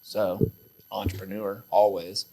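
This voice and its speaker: A man's voice: lowish voice, a little slow, vocal fry, breathy edge. Male podcast host, loose storyteller, laughs through his tales, salty language. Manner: animated, laughing, swears freely. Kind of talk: casual storytelling chat.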